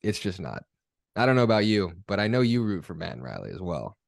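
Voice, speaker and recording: A young man hosting a podcast, talking casually in a relaxed, rambling, self-deprecating way. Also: deep voice, quick pace, vocal fry, no room sound, studio quality. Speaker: podcast host. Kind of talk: casual chat.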